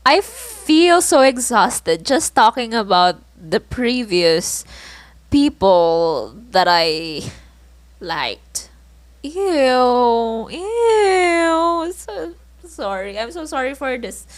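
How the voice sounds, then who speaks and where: A woman's voice: mid-range voice, no echo. A young woman with a Filipino accent hosting a casual solo podcast, telling stories from her own life with laughs, groans and self-mocking asides. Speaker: podcast host.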